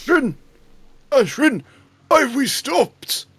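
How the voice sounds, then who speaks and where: A man voicing a brash adventurer in a tabletop game, calling out loudly and joking. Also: sits high, sing-song, moderate pace, creaky, husky, voice pushed up, exaggerated voice. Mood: breezy.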